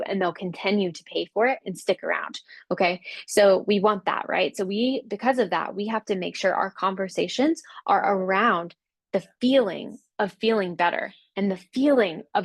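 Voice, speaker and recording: A woman's voice: mid-range voice, vocal fry, no room sound. Upbeat woman coaching fitness instructors. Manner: upbeat, encouraging, acts out client quotes. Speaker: Pilates business coach. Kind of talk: casual instructional talk.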